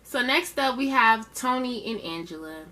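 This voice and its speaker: A woman's voice: on the high side, lively intonation, normal speed, sharp tone. A woman casually recapping a reality show episode in a chatty, sassy way, with slangy asides.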